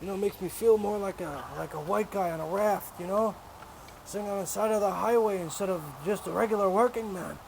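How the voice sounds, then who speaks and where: A man's voice: high-pitched, a little fast, creaky, a little mellow, slight background noise, rough recording. A man chatting casually while working on his car in a garage, full of crude, profane jokes and banter.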